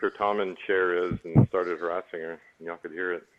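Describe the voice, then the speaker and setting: A man's voice: sits low, level tone, fairly quick. A man, co-hosting a casual video call in a laid-back way and cracking corny jokes. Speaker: co-host and scorekeeper. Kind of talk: casual joking chat. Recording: tinny phone-like line with faint noise.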